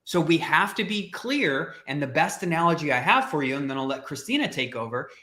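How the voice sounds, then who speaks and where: A man with a bright, forceful, fairly high voice coaches listeners on a career podcast. He drives his points home with rhetorical questions, and the room around him sounds echoey. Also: animated, brisk. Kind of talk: energetic coaching talk.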